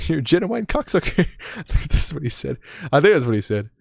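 A man's voice: on the high side, big pitch swings, moderate pace, gravelly, no echo, clean studio sound. A young man streaming a game in casual commentary, joking and rambling with self-mocking asides.

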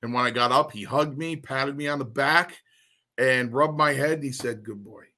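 A man telling stories from his wrestling career in an interview, animated and blunt, with salty language. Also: mid-range voice, moderate pace. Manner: animated, acts out the people in his story. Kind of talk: casual anecdotal storytelling.

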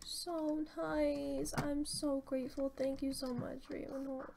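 A young woman casually commenting on her own gameplay, chatty and excitable, gushing with thanks. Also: high voice, slow, gravelly. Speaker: gaming channel host. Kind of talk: casual let's-play commentary. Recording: noisy home recording.

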